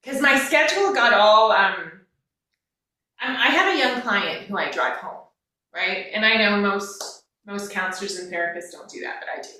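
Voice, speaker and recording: A woman's voice: mid-range voice, moderate pace, bright, forceful tone, recorded from a distance. A woman, a life coach and counselor, talking candidly and emotionally in casual conversation, swearing now and then. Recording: echoey room, away from the mic.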